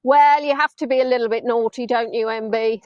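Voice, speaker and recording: A middle-aged woman from Hampshire with a southern English accent, chatting warmly with viewers while leading a live virtual tour outdoors on a beach. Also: on the high side, fairly even intonation, fairly quick, no room sound, highs cut off. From England (Hampshire). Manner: chatty, affectionate, answering viewers' comments.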